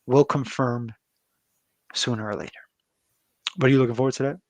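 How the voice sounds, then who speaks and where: A man talks through a wrestling episode in loose, profane podcast banter. His voice sits at an ordinary middle pitch and sounds dry and close to the mic, with no room around it. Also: fairly even intonation, a little fast, dry recording. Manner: loose and profane, with frequent fillers and laughs. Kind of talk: casual chat recapping a wrestling show.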